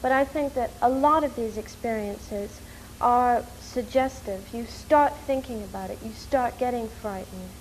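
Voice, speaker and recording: Excitable chatty woman from New York. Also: fairly high pitch, a little hiss or hum, poor audio. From New York, USA. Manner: animated, rushing and excitable, with many fillers. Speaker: interviewee. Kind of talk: casual storytelling.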